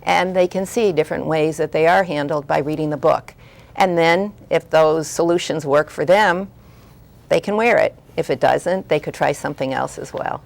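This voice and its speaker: A woman's voice: low-pitched, normal speed, gravelly, a little mellow. A middle-aged woman, a former school guidance counselor, earnestly giving parenting advice as a talk show guest and acting out parents and children.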